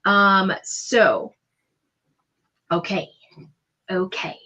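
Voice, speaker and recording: A woman's voice: mid-range voice, normal speed, fairly bright tone. A woman acting as game master, narrating a tabletop game in a descriptive, chatty way with many fillers.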